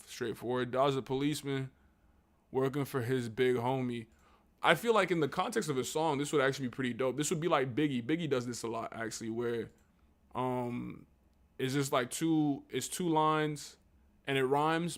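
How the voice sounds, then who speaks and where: A man on a casual livestream, reading text aloud haltingly and breaking off into slangy, profane asides. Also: medium pitch. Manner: reads text aloud haltingly, then riffs on it.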